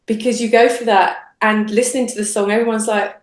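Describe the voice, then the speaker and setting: A singer-songwriter woman chatting as an interview guest, animated, acting out quoted thoughts with big jumps in voice and often restarting her sentences. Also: a little high, fairly quick. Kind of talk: casual interview chat. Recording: roomy echo.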